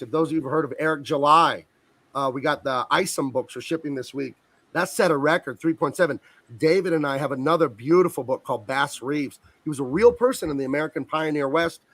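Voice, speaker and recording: On a video call, a comics colorist talks about his work at length and with real enthusiasm in a casual interview chat. His voice is on the high side and a bit bright, with no room sound.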